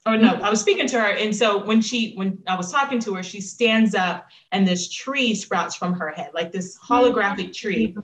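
A woman shares her personal story as an interview guest, earnest and reflective. She turns lively when she quotes herself. Her voice rings a little in a roomy, echoing space. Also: mid-range voice, normal speed, few pauses.

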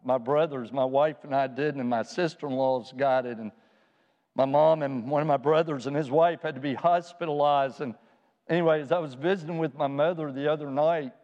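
A man's voice: on the high side, fairly even intonation, normal speed, highs cut off. A middle-aged man preaching a sermon as pastor, earnest and pastoral, at times rising to fervent emphasis. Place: church sanctuary. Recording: long reverb in a church hall.

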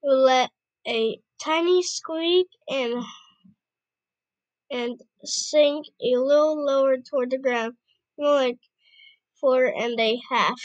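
Slow, halting woman reading aloud. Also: high-pitched, clean tone, no echo, lo-fi sound. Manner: halting, stumbles and rereads words. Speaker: amateur reader.

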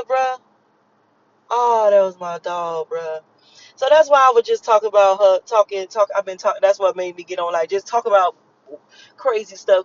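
A woman with a fairly high voice vlogs while driving home, talking to her viewers in an emotional, profane, repetitive ramble packed with fillers. The audio has its highs cut off.

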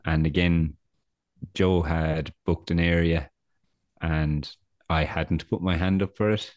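Man, young adult, very deep voice, dry close mic, rambling casual podcast chat. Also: steady tone, slow pace, a little mellow, no echo. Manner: rambling, self-deprecating anecdotes with many fillers. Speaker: podcast co-host.

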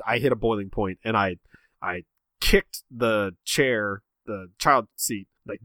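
A man's voice: fairly low pitch, bright, forceful tone, dry recording. A man chatting casually, rambling and self-mocking as he tells a story about himself. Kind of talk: casual chat, telling a story.

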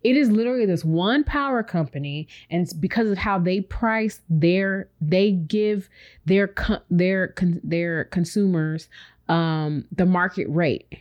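Candid, slightly low-voiced woman podcaster. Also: unhurried, darkish tone, dull audio. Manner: candid and reflective, rambling with many fillers; speaks directly to listeners as "y'all". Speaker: podcast co-host. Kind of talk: casual chat.

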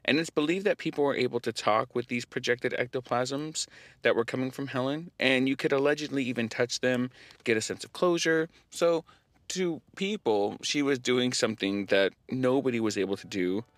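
A young man hosting a podcast, telling a story in casual chat, animated, often laughing and using lots of fillers. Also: medium pitch, moderate pace, no room sound. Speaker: podcast host.

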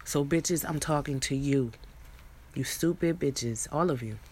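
A woman's voice: sits low, measured pace, a little mellow, slightly rough. A young woman in a rambling, profane monologue, preaching at her viewers with many restarts and asides. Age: young adult.

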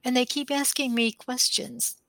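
A woman's voice: high-pitched, moderate pace, creaky, no room sound. Dry-sounding woman in casual chat. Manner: complaining, animated when mimicking others.

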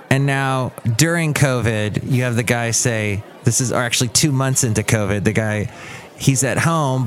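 Rambling, jokey male podcast host. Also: mid-range voice. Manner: rambling, jokey, self-correcting. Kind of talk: casual solo podcast monologue.

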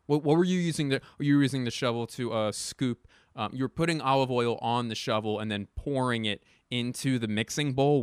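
A young man riffs through a comic monologue, swearing freely and tripping over his own restarts before punching words out loud. His voice sits at a middling pitch and is recorded dry and close, with no room sound around it. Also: dry recording. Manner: profane, rambling, self-deprecating, with frequent restarts and sudden loud bursts. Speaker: comedian. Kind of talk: stand-up style comic monologue.

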